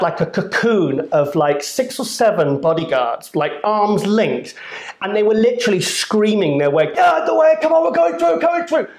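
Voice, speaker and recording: A British man tells a long, rambling story full of jokes and the odd swear word. His voice sits a little high, and the room around him sounds echoey. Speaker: co-host. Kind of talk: casual chat.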